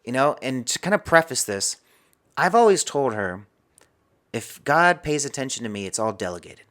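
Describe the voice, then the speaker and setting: A man's voice: mid-range voice, very animated, moderate pace, a bit bright. A man as a podcast guest, telling a personal story and acting out his own inner dialogue.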